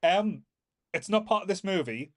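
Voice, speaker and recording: A man's voice: sits high, animated, normal speed, fairly bright tone. A man co-hosting a podcast, talking casually and enthusiastically, with frequent restarts. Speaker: podcast co-host. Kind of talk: casual chat.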